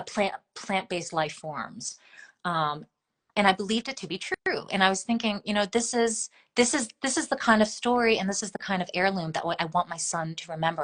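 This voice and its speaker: A woman's voice: lowish voice, fairly bright tone. A woman in her thirties, a guest in a conversational interview, talking in a thoughtful, meandering way with many fillers and restarts.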